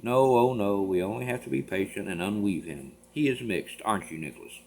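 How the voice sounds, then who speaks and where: A man reading a play aloud, voicing a shy, gentle young woman in a soft, quiet voice. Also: on the low side, lively intonation, fairly quick, a little hiss or hum, voice pushed down.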